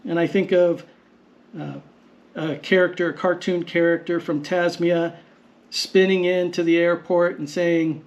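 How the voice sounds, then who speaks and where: A man teaching vocabulary in a patient, explanatory lesson, repeating words slowly and deliberately. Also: a little high, flat delivery. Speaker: language teacher. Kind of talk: slow explanatory lesson narration.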